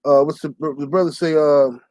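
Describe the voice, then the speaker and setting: A young man ranting to his channel's viewers, telling a story in a loud, profane, heated way and shouting the lines he quotes. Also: fairly high pitch, fairly even intonation, brisk, dry recording. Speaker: channel host. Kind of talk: profane storytelling rant to camera.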